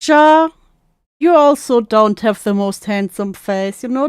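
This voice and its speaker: A woman's voice: fairly high pitch, lively intonation, measured pace, smooth, no room sound, studio quality. A woman streamer reacting to an old call clip, sarcastic and laughing, mockingly repeating what she hears. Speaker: commentary streamer.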